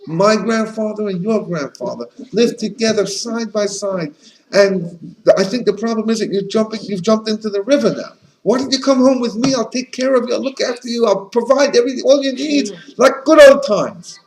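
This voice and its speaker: A man's voice: high voice, darkish tone, reverberant, voice pushed up, low-quality recording. A man voicing a sly male fox that sweet-talks a fish with false friendliness, in a spoken teaching story.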